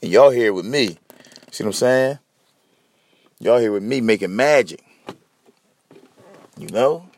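Gravelly, animated man ranting. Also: lowish voice, unhurried, pauses often, dry recording. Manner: profane, blunt ranting, talks straight to listeners. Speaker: podcast host. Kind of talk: solo podcast monologue.

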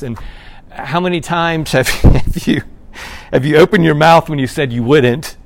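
A man preaching a sermon as pastor, talking conversationally and swinging from hushed remarks to loud, emphatic points. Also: medium pitch.

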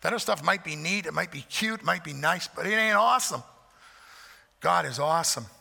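A man preaching a sermon, emphatic, swelling loud on repeated phrases, with folksy asides. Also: fairly high pitch, lively intonation, brisk, vocal fry. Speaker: pastor. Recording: long hall reverb.

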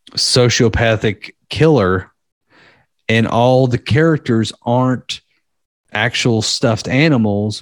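A man co-hosting a podcast, rambling casually and swearing as he tells a dark story. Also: on the low side, no room sound, clean studio sound. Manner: rambling, profane, laughing at dark material. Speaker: podcast co-host.

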